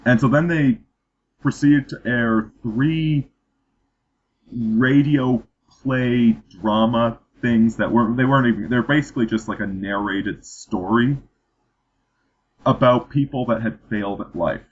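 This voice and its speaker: A man's voice: medium pitch, a little slow. Man, podcast host, casual political chat, rambling, repeated words, lo-fi sound. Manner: rambling, repeats words when starting sentences. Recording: dull lo-fi podcast audio.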